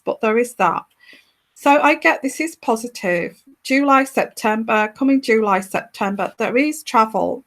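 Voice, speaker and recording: A woman with a fairly high voice talks through a year-ahead tarot spread for her podcast listeners. She speaks directly to them, hesitates often and circles back over her words as she works out each card. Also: a bit bright. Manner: halting, many fillers and restarts, speaking to the listener. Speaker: tarot reader. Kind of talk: intuitive tarot reading podcast.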